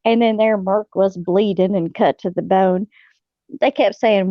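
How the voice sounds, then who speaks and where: A woman's voice: medium pitch, steady tone, a little slow, no echo. A middle-aged woman, hosting a casual chat and telling folksy stories with frequent laughs and fillers. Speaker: host. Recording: dull lo-fi sound.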